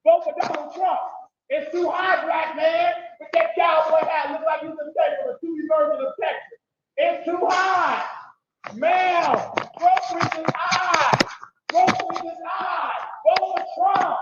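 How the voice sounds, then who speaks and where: A man ranting and shouting profanity at passersby outside a store, in a played clip. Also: extremely high pitch, steady tone, measured pace. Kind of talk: shouting confrontation in public. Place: outdoors by a store. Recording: dull roomy clip, noisy street.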